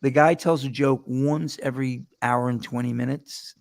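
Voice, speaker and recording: A man hosting a casual chat show, telling rambling stories with quick laughs and restarts. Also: medium pitch, steady tone, creaky, darkish tone. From New York. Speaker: host.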